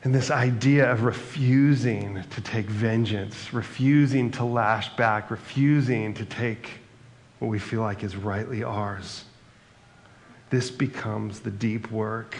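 A man's voice: lowish voice, gravelly, slight background noise. A man preaching a sermon in a conversational way, reading scripture passages aloud between his own remarks. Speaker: pastor.

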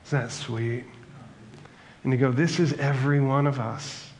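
A man's voice: medium pitch, steady tone, measured pace, a little mellow, slight background noise. A man preaching a sermon in a conversational way, reading scripture passages aloud between his own remarks. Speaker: pastor.

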